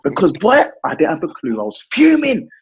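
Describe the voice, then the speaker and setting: A man's voice: high voice, huge pitch swings, fairly quick, breathy edge, dull audio. A young man, a football fan panelist telling a story in slangy banter, often laughing. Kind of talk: casual banter.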